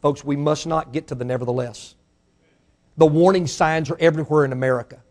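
A pastor with a Mississippi Southern accent preaching a sermon, his voice swelling to fiery shouts and then falling to a hushed prayer. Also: fairly high pitch, fairly even intonation, fairly quick. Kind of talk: sermon with altar call.

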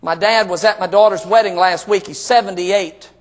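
A middle-aged man preaching a sermon as pastor, moving from hushed personal storytelling to shouted, emphatic exclamations. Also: high-pitched, steady tone, moderate pace.

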